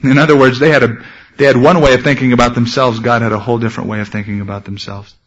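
A man preaching a sermon as a pastor, speaking earnestly and slowing down to read scripture. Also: mid-range voice, little pitch movement, lo-fi sound.

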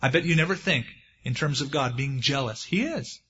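A man's voice: medium pitch, moderate pace, slightly rough. A man preaching a sermon, retelling scripture in a folksy storytelling way and acting out the quotes. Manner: folksy storytelling, acts out quotes with lively swings. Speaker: pastor. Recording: dull lo-fi sermon recording.

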